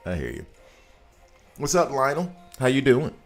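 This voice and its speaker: On a live game stream with soft background music, an American man casually greets viewers and laughs often. His mid-range voice has big pitch swings, and he talks at a normal speed.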